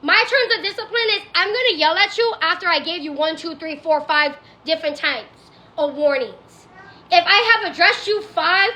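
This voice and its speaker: A woman's voice: extremely high pitch, animated, normal speed, pushed and bright, echoey room, rough recording. A woman streaming casually from her home, blunt, profane and ranting as she talks back to viewers. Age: adult. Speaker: TikTok live streamer. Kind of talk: casual livestream chat.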